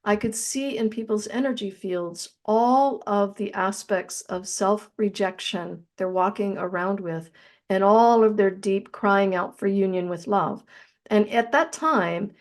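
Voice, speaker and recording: Earnest woman recounting a spiritual experience. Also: medium pitch. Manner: earnest and reflective, slowing down on key phrases. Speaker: interview guest. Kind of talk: personal spiritual storytelling.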